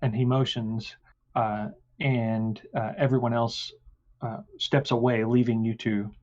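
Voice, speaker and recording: A man narrating a tabletop game as game master, pausing often with fillers. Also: medium pitch, little pitch movement, darkish tone. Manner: halting, many fillers. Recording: dull lo-fi sound.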